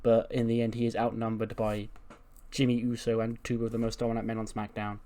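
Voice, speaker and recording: A man's voice: medium pitch, monotone, brisk, dark tone. Chatty man recapping a wrestling sim. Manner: chatty, laughing, recaps results. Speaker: game playthrough host. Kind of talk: casual commentary on a wrestling sim.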